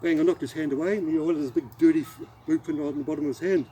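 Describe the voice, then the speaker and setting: A middle-aged Australian man telling a rambling anecdote as a martial arts instructor, halting and restarting as he demonstrates the moves. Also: a little high, warm tone, slight background noise, rough recording. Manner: rambling, halting storyteller who demonstrates moves while talking. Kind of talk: casual spoken anecdote with demonstration.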